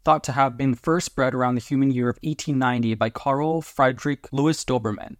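A man's voice: medium pitch, steady tone, fairly quick, dry recording, studio quality, lightly acted. A man reading a story aloud, voicing a fussy male alien commander who talks in a nervous, reassuring and pedantic way.

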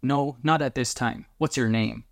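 A man reading a story aloud, voicing a male police officer who asks blunt, measured questions. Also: mid-range voice, vocal fry, dry recording, studio quality, lightly acted. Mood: stern.

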